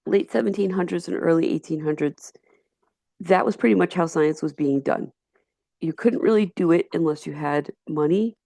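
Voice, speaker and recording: Gravelly low-voiced teacher with a Yonkers accent. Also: female voice, darkish tone, no room sound, clean studio sound. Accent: Yonkers, New York. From Yonkers, New York. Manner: chatty, digressive, with frequent restarts. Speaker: high school chemistry teacher. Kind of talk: recorded slideshow lecture.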